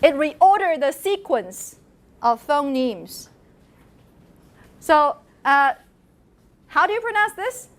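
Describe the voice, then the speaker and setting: A middle-aged woman lecturing a university class, asking students questions and modeling sounds aloud in a lively way. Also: high voice, takes it slowly, pauses often.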